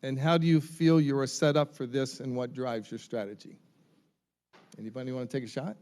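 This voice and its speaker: A man's voice: medium pitch, steady tone, a little fast, darkish tone. A man moderating a university panel discussion, reading out names and titles with frequent ums, picked up by a distant mic in a hall. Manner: reads names and titles, um-filled. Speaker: forum moderator.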